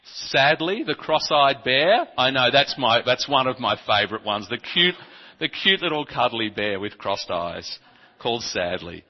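A man preaching a sermon, telling funny childhood stories with some stumbles and speaking softly in the reflective passages. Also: medium pitch, a little slow. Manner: humorous, animated storytelling with stumbles. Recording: dull, reverberant hall recording.

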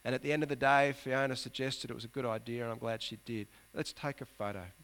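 A man's voice: mid-range voice, fairly even intonation, quick pace, fairly bright tone. A man preaching a sermon as pastor, earnest, climbing to emphatic peaks and sinking to near-whispers.

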